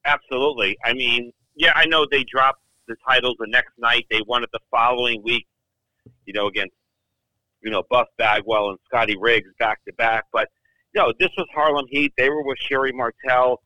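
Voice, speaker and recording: A man's voice: medium pitch, steady tone, moderate pace, sharp tone, no echo, low-quality recording. A man co-hosting a podcast, chatting and talking emphatically. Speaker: podcast co-host. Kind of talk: casual chat.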